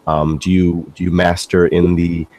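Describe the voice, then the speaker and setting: Deep-voiced male podcast host. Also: little pitch movement, normal speed, mellow. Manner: fumbling, repeats words while asking. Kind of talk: interview questions.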